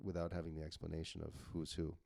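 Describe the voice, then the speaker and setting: A man's voice: very deep voice, completely flat delivery, fast talker, gravelly, darkish tone, no echo, clean studio sound. A man editing his own novel on screen, thinking aloud bluntly and reading his draft lines to test them. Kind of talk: casual screen-recorded editing walkthrough.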